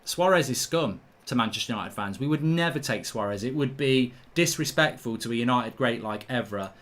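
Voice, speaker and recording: A man, hosting a live football watchalong, reading viewer chat and arguing back in an animated, ranting way. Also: mid-range voice, fairly quick. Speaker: livestream host.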